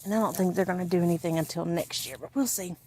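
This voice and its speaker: A woman's voice: on the low side, fast talker, darkish tone, slight background noise. A woman giving a chatty, folksy tour of her vegetable garden outdoors, talking to her viewers while filming on a handheld camera. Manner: folksy, chatty, points things out as she walks. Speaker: homestead gardening vlogger.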